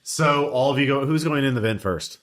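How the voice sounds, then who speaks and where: Low-voiced man running a tabletop game. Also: normal speed. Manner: relaxed, hesitant, filler-heavy. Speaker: game master.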